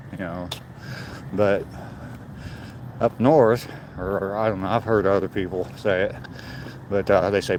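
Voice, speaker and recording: A man's voice: fairly low pitch, a little hiss or hum. Older man chatting on a walk. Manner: relaxed, rambling, greets viewers by name. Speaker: vlogger walking and reading chat. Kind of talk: casual chat on a live walk. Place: outdoors on a walk.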